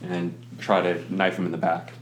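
A man's voice: deep voice, level tone, moderate pace. Man, game master, casual and joking, echoey room with faint noise. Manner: casual, laughs often, swears. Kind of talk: narrating a tabletop game.

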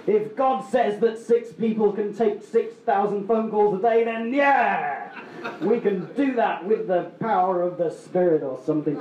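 Male storyteller, mellow and slightly high, rambling; echoey muffled live sound. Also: normal speed, a little hiss or hum. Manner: rambling, self-mocking, many restarts. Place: story slam stage.

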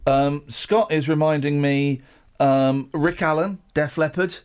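A man's voice: fairly high pitch, fairly even intonation, takes it slowly, a little mellow, clean tone. A man in his forties hosting a radio show, rambling and joking with restarts in casual banter. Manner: rambling, jokey, stumbles and restarts. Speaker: radio host.

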